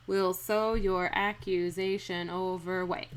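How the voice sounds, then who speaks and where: A woman giving a casual, irreverent acting lesson, reading verse lines slowly aloud to test their rhythm and breaking them down for a live stream. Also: lowish voice, little pitch movement. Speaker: acting coach streaming a script analysis.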